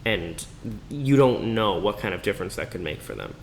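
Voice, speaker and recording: Chill low-voiced guy on a podcast, supportive, lots of ums, slight hiss. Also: normal speed, gravelly. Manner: calm, supportive listener with soft fillers. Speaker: podcast co-host. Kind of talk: casual podcast chat.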